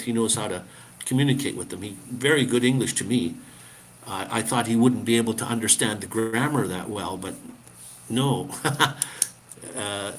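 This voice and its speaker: A man talking casually to his live-stream viewers, often laughing and tripping over his words. His voice sits at an ordinary middle pitch for a man, loose and conversational. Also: slight background noise. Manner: chatty, laughs often, lots of fillers and restarts. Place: living abroad in the Philippines.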